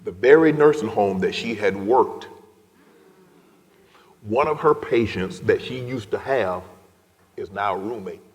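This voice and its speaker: A deep-voiced guest speaker tells a moving personal story in a large event hall, unhurried and with long pauses. His emotional delivery swings from loud to hushed whispers, carried by the hall's long reverb.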